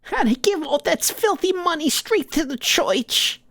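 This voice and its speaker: A man voicing an old mother of a gangster who is pious, tearful and scolding, in a high, quavering voice. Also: lively intonation, measured pace, fairly bright tone, no room sound, studio quality, exaggerated voice. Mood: reproachful.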